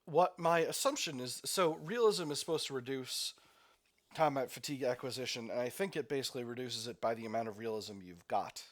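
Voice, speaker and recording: A man's voice: mid-range voice, brisk. A man giving casual gameplay commentary, thinking aloud, laughing easily and stumbling over his words. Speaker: let's play host.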